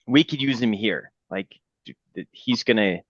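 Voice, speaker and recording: A man playing a tabletop game argues his case, stumbling and repeating himself as he presses on. His voice is on the low side. The recording is dry and dull, with a lo-fi quality. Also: normal speed, fairly bright tone, breathy edge, no echo. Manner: hesitant, persuasive, repeats words. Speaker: player.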